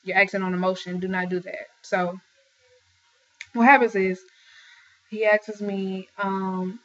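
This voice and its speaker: A young woman tells her own story to the camera in a casual, earnest way. She often stops to give viewers direct advice, with many fillers and restarts. Her voice sits at a middle pitch, and the recording sounds dull and lo-fi. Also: level tone, unhurried, long pauses. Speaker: vlogger sharing a personal testimony.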